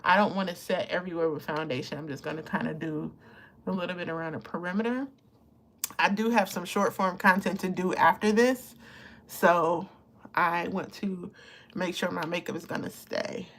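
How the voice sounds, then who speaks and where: A woman around fifty hosts a casual live makeup chat. She talks warmly to her viewers, laughs often and gets emotional as she applies her makeup. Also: lowish voice, steady tone, normal speed. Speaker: beauty livestream host.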